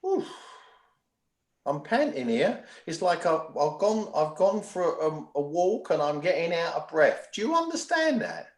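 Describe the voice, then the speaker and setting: A man's voice: on the high side, very animated, normal speed, hardly any pauses, echoey room. A man working as a spiritual medium, giving readings from home and often checking in with his sitter.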